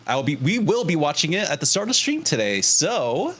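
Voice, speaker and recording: A man's voice: on the high side, huge pitch swings, brisk, fairly bright tone, slight background noise. A young man hosting his own art livestream, chatting casually with viewers, laughing often and swearing freely. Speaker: streamer.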